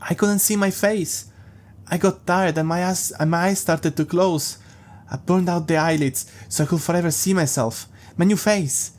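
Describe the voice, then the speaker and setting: A man's voice: moderate pace, darkish tone, natural voice. A man doing a giddy, unhinged boy killer. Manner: high, sing-song, unhinged glee. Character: deranged teenage boy killer, giddy and childish.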